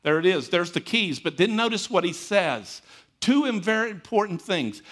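A male pastor delivering a sermon in a relaxed, storytelling manner. His voice sits a bit higher than most men's, and he talks to the congregation like he's chatting with friends, animated and folksy. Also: normal speed.

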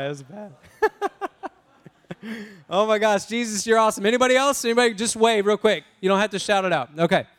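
A man preaching a lively sermon, prompting the congregation to repeat words and talking in a casual, self-interrupting way. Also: high voice. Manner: energetic, call-and-response with congregation. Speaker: pastor.

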